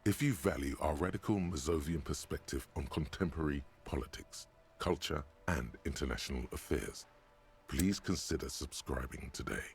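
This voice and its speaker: A man voicing a wry, deadpan narrator in a detective video game, with a dry, sardonic delivery. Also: a bass voice, moderate pace.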